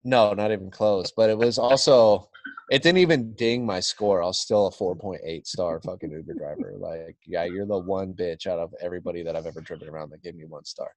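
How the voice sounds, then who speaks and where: A man's voice: sits low, brisk, dry recording. A man telling a story as a podcast guest, swearing freely and acting out the quotes. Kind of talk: casual storytelling.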